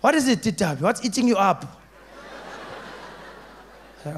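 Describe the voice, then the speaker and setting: A man doing stand-up comedy, telling a story and acting out characters with sudden loud shouts. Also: high-pitched, very animated, moderate pace, long pauses, a little hiss or hum.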